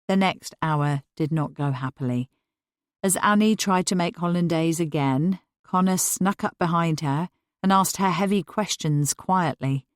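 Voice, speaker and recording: Low-voiced woman narrating an audiobook. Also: unhurried, no echo, studio quality. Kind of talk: scripted narration.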